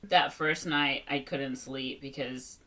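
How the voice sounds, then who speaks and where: A woman co-hosting a podcast, telling an animated story in casual chat, full of "like". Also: a bass voice, takes it slowly. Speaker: podcast co-host.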